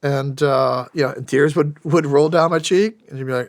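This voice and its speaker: The recording is dry and studio-clean. A middle-aged ex-soldier from the United States, guesting on a podcast, has a slightly high voice with fairly even intonation and tells his story candidly but haltingly, restarting often and leaning on fillers.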